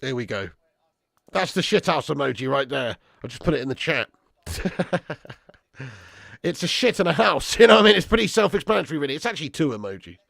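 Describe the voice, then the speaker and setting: A man's voice: on the high side, sing-song, a little fast, creaky, long pauses, a bit bright, no echo, clean studio sound. A young man hosting a football watch-along, reading out live chat with swearing banter and calling viewers lad and bro.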